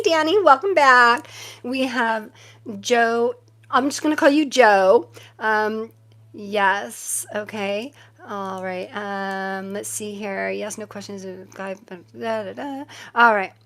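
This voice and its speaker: A woman's voice: medium pitch, takes it slowly, a bit bright. A woman doing a casual tarot live stream, chatting in a rambling, random way to her viewers and laughing often.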